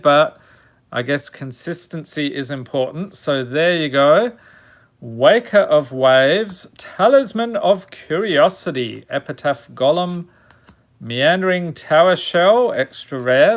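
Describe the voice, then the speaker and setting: Sex: man. Role: host opening card packs. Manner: dry, self-mocking, unhurried, a bit high-pitched. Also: fairly bright tone. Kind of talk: casual pack-opening commentary.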